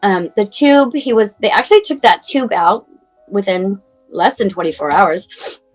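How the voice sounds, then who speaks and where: A woman in her forties on a video call, telling a hard family story in a halting, emotional way with many fillers and moments close to tears. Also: medium pitch, faint music behind, low-quality recording. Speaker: mother telling her son's story as guest. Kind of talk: personal storytelling, casual and unscripted.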